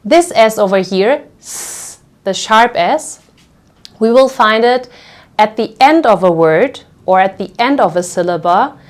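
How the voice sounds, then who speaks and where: A woman's voice: mid-range voice, expressive, a little slow. A woman teaching a pronunciation lesson. She explains patiently, stretches sounds out to demonstrate them, and often checks in with "okay?". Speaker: language teacher.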